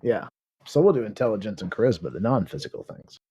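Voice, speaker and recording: A man's voice: lowish voice, sing-song, fast talker, mellow, breathy edge, no room sound. A middle-aged man playing a tabletop game, chatting casually and joking with the game master. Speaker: player. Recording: dull, muffled lo-fi mic.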